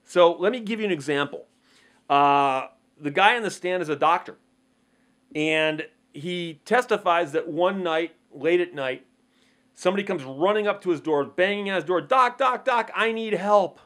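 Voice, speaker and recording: This legal commentator's voice is a little high and a bit bright, moving at normal speed. He explains the law to camera in a conversational monologue, asking rhetorical questions and dramatizing short courtroom exchanges.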